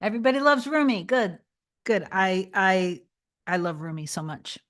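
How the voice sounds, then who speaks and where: A woman on a casual livestream, reading and answering chat. She talks in a rambling, chatty way, restarts a lot and turns soft and reassuring when she gives advice. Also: medium pitch, moderate pace. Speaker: manifestation coach answering live chat.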